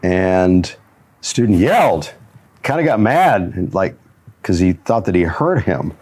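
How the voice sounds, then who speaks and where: A man's voice: deep voice, big pitch swings, a little slow, a little mellow. A man hosting a motivational talk show, telling stories and chuckling often as he talks. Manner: storytelling with frequent chuckles. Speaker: show host and jiu-jitsu instructor.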